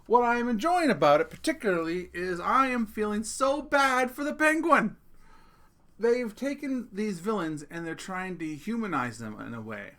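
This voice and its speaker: Middle-aged male podcast host, higher voice, casual profane ranting. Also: expressive, normal speed, a bit bright. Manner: profane, joking, talks straight to listeners. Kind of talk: casual rant.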